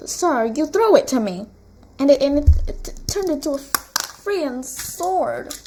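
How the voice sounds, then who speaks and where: A woman's voice: high-pitched, big pitch swings, a little slow, background noise, pitched above the performer's own voice. A woman voicing an exasperated teenage boy hero who sputters indignantly in a retold story. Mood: flustered.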